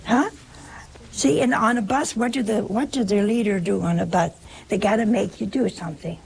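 An older American woman gives a homely spiritual talk in a gravelly, creaky voice. She tells stories in a chatty way and acts out bits of dialogue with a laugh. A faint hiss sits behind her. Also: medium pitch, normal speed, a little mellow, poor audio. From United States.

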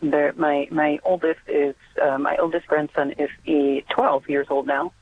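A woman's voice: deep voice, level tone, breathy edge, no echo. Hesitant older woman on a phone line. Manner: hesitant, halting, many fillers. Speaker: caller. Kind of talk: call-in radio prayer request.

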